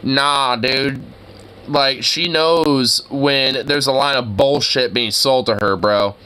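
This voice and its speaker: A man's voice: mid-range voice, slow, pushed and bright, clear, resonant tone. A man co-hosting a casual reaction show, rambling and exasperated with lots of filler words. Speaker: co-host reacting to a video. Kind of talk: casual profane reaction commentary.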